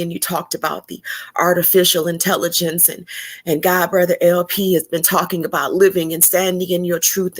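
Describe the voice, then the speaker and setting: A woman hosting a podcast interview, speaking with heartfelt, faith-filled encouragement. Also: lowish voice. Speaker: podcast host.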